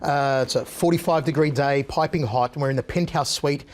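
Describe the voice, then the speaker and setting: A man, a guest on an interview show, telling lively anecdotes and mimicking the voices of the people in them. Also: a little high, brisk.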